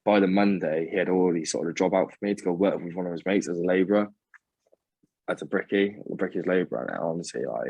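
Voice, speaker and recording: A young man, his voice very low and husky, telling his own story in a halting way, full of fillers and restarts. The sound is dry and close, with no room around it. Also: no echo. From England. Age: young adult. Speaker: guest. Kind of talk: candid personal storytelling.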